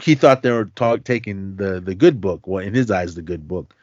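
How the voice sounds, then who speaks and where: A man's voice: low voice, a little fast, a little mellow, dry recording. Man chatting loosely about movies. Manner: loose and chatty, with many fillers and slangy asides. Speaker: podcast host. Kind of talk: casual movie recap chat. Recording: dull lo-fi, dry sound.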